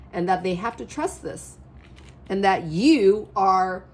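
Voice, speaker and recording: A woman reading tarot cards in a rambling, animated way, her voice a little hoarse, often checking in with the listener. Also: medium pitch, a little hiss or hum. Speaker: tarot reader. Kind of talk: casual spiritual reading to camera.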